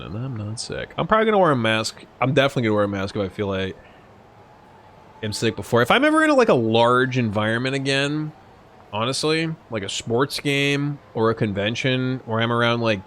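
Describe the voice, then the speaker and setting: A man's voice: medium pitch, big pitch swings, brisk, a bit bright, a little hiss or hum. A young man streaming and chatting while gaming, a little drunk, rambling, swearing and laughing a lot. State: tipsy from drinking. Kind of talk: casual live-stream chat while gaming.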